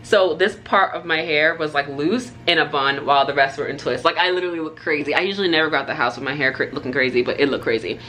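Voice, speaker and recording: A woman's voice: deep voice, quick pace, hardly any pauses, fairly bright tone. A young adult woman and pre-nursing student telling a rambling storytime in a chatty, casual way, full of fillers and asides.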